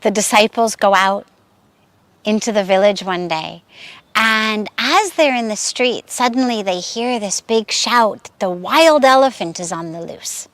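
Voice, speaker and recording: A woman spiritual teacher giving a reflective sermon and telling a teaching story in a measured way. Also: fairly high pitch, expressive, dry recording.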